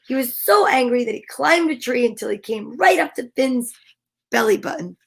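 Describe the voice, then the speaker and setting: A woman's voice: on the high side, animated, moderate pace, vocal fry, a bit bright, slightly rough. A woman hosting a children's storytime, reading a storybook aloud playfully and animatedly, with chatty asides. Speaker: storytime host.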